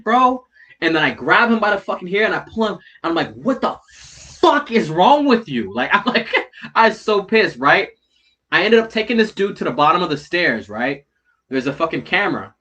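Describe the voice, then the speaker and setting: A man with a bright, slightly high voice telling a story in casual chat. He swears freely and keeps checking in with "right?" and "bro". His voice swings from loud, heated retelling to low muttered asides. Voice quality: heavy swearing, slangy, repeats "right?" and "bro".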